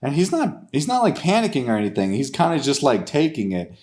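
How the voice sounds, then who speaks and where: A man's voice: mid-range voice, wildly swooping pitch, fairly quick, a little mellow. A man co-hosting a comedy podcast, narrating an improvised story in a rambling way with many fillers. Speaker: podcast co-host.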